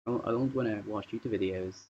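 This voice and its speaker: A man's voice: fairly low pitch, fast, a little mellow, slight background noise. A man live-streaming at home in casual chatter, rambling and thinking aloud as he works. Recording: dull lo-fi stream audio.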